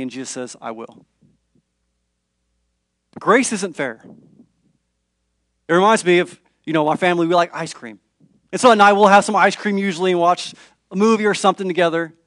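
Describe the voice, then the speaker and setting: A man in his thirties preaching a sermon, his voice sitting high for a man. He swings from near-whispers to raised, intense stretches as he tells the story. The sound is dry and close, with no room around it. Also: no echo. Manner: dramatic, shifts between hushed and raised voice for quoted figures. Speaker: pastor.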